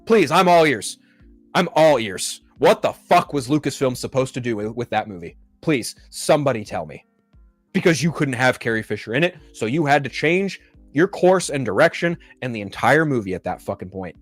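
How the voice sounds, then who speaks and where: A man's voice: medium pitch, very animated, normal speed, soft background music. A man hosting a pop-culture show, ranting in a profane, exasperated and mocking way. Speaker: podcast host.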